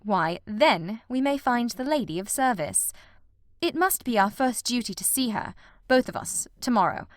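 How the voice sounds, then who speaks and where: A woman's voice: fairly high pitch, lively intonation, normal speed, no room sound, studio quality, close to an everyday voice. A woman reading the part of a cool, commanding male detective in an audiobook, with clipped, authoritative speech. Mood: calm reasoning.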